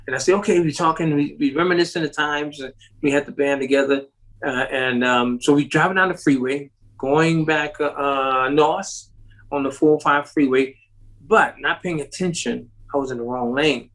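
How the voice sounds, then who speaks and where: A man's voice: normal speed, poor audio. A man telling a long story as an interview guest, laughing often and acting out the voices of the people in it. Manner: acts out quoted voices with sharp rises in pitch, laughs often. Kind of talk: animated storytelling.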